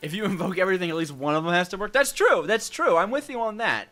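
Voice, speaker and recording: This young man's voice sits high, fast and lively in intonation with a fairly bright tone, and faint music plays behind him. He's streaming a video game, joking around, answering chat, and rambling between tasks in casual let's-play chatter with viewers.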